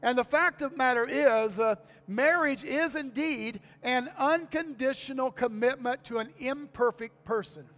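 A man's voice: very high-pitched, measured pace, few pauses, fairly bright tone. An older man preaching to his congregation in a folksy manner, repeating key lines and asking for amens. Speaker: pastor. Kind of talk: sermon. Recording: long reverb of a church hall.

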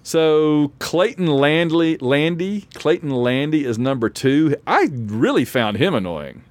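Chatty male podcast host, lively voice. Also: on the high side, measured pace. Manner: chatty, laughs often, restarts a lot. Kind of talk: casual chat.

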